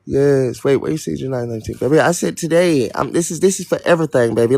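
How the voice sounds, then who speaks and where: Ranting to his livestream chat, a young host sounds irritated and profane. His mid-range voice is gravelly and a little mellow, and he talks fast with few pauses.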